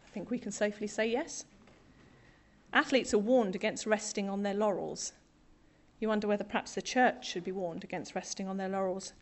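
A woman's voice: medium pitch, steady tone, brisk. A middle-aged woman from Britain preaching a sermon to a congregation, conversational and self-deprecating with humour.

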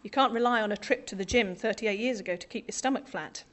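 A woman's voice: mid-range voice, quick pace, background noise. A middle-aged woman from Britain preaching a sermon to a congregation, conversational and self-deprecating with humour.

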